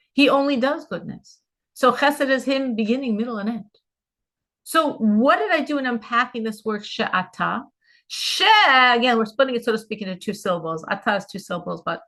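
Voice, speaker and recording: Bright-voiced woman teaching a Chassidic class. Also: a little high. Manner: earnest, explanatory, repeats key terms. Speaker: Torah teacher.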